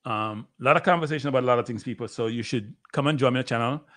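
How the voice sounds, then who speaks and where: Jamaican male streamer, animated race caller, talks straight to his viewers. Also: medium pitch, quick pace. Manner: excitable, chatty, calls out to viewers. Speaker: livestream host. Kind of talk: live sports watchalong commentary.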